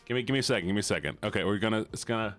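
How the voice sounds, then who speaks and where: Talking rapid-fire in a slightly bright voice, this live-streamer keeps up a playful, teasing casual chat with his viewers over soft background music. Mock-upset moments send him into high squeals.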